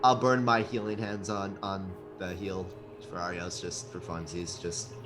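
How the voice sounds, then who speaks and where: A man's voice: sits low, level tone, music in the background. A man playing a tabletop role-playing game, talking casually in and out of character and repeating himself when flustered. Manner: flustered, repeats words rapidly. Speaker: player.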